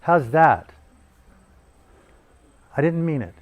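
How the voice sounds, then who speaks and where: A man's voice: fairly high pitch, animated, slow. A man giving a profane, provocative dharma talk as a meditation teacher at a retreat. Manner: provocative, swearing, intense. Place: retreat hall in Bali.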